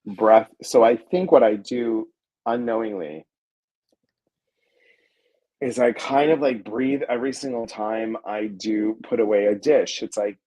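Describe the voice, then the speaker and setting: A man's voice: lowish voice, a little slow, rough recording. A middle-aged man, a guest on a live stream, chatting casually and playfully, greeting viewers and joking along. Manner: playful, animated, reads viewer comments aloud.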